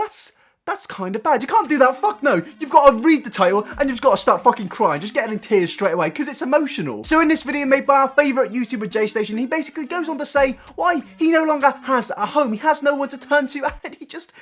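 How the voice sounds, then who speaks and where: A man's voice: extremely high pitch, fairly bright tone. A British man giving sarcastic, swearing reaction commentary on another creator's video. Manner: sarcastic, swearing, mock-pleading asides. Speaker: commentary YouTuber.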